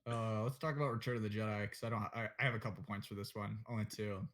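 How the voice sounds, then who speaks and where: A man's voice: on the low side, fairly even intonation, quick pace, fairly bright tone. A young man co-hosting a casual podcast chat, blunt and opinionated, swearing and joking as he goes. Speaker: podcast co-host.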